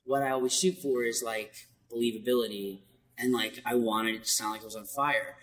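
A man voice actor with a light, high voice, chatting animatedly in an interview and laughing between quick asides. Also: steady tone, a bit bright, long reverb tail, rough recording. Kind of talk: casual interview storytelling.

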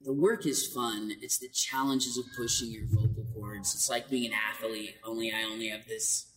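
Speaking at normal speed in a lowish voice, this voice actor spins lively stories in a laugh-filled, casual interview. The mic is distant, and the hall echoes with a little faint noise.

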